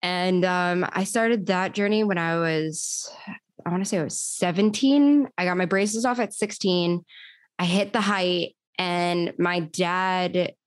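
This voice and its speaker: A woman's voice: fairly low pitch, slow, no echo. Chatty New woman, dry sound. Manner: chatty, filler-heavy storytelling. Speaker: podcast host, guest. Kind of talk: casual interview chat.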